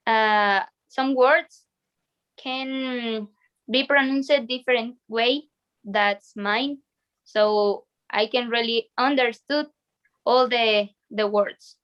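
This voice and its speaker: Slow, careful higher-voiced woman. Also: a bit bright, smooth. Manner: careful, hesitant answers with fillers. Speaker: interviewee. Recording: dull lo-fi recording.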